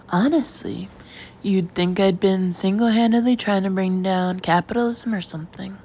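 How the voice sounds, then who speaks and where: A woman narrating a first-person audiobook in a wry, lively storytelling manner. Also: mid-range voice, normal speed, lo-fi sound, slight background noise.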